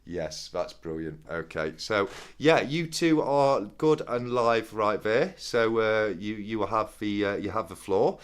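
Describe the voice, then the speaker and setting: A man's voice: lowish voice, slow pace, hardly any pauses, smooth. A man organizing a live stream who jokes and hesitates, with many fillers, as he hands over. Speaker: event organizer. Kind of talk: casual livestream chat.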